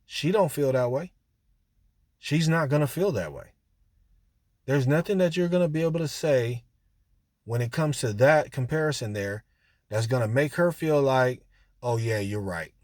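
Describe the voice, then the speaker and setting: A relationship talk host with a fairly high, expressive, darkish voice speaks at normal speed with long pauses, casually addressing listeners directly. His advice is colloquial and conversational, full of repetition and frequent fillers, recorded in studio quality with no room sound.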